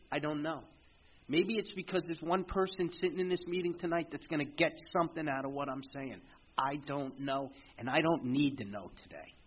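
Middle-aged man, recovery meeting testimony, halting and earnest, muffled lo-fi sound, faint room ambience. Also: medium pitch, slight background noise. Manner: halting, earnest, with frequent restarts. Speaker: speaker sharing at a recovery meeting.

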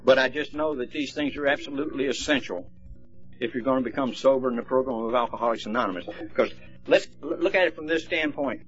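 A man's voice: mid-range voice, fast, breathy edge. A man speaking at a recovery meeting, telling stories in a folksy, plainspoken way. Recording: dull lo-fi recording, faint music.

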